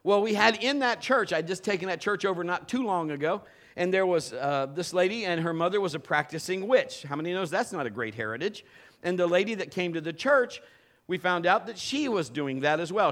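A male pastor preaching a sermon with an animated delivery that swings from loud bursts to low, intimate tones. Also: fairly quick.

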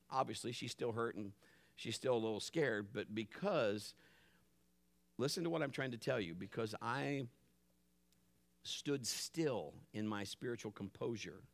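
Middle-aged man, pastor preaching, lively swinging pitch, acts out family voices, drops to a hush. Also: creaky. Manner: drops to a hushed voice for calm moments. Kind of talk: sermon.

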